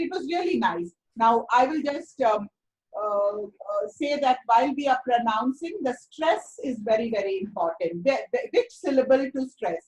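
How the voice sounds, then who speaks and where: A woman's voice: a little high, darkish tone, rough recording. A woman teacher, giving encouraging, explanatory feedback to a student in an online seminar. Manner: encouraging, explanatory, repeats words for emphasis. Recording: faint background noise.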